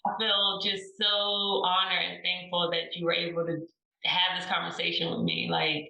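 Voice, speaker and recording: A woman's voice: lowish voice, level tone, moderate pace, creaky, pushed and bright, distant mic. A woman hosting a podcast, affirming her guest with brief agreeing replies. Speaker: podcast host. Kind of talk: casual podcast chat. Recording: echoey room, off-mic.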